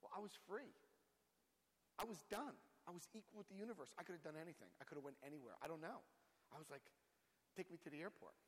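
A man telling his recovery story to a group, an animated storyteller who acts out the other voices loudly. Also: a little high, fast talker, in a large hall, low-quality recording. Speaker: speaker sharing recovery story.

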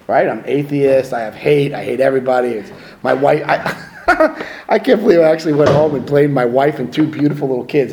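A middle-aged man giving a personal testimony to a recovery meeting, swinging between hushed and loud and laughing at himself. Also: medium pitch, creaky, a little hiss or hum. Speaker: recovery speaker.

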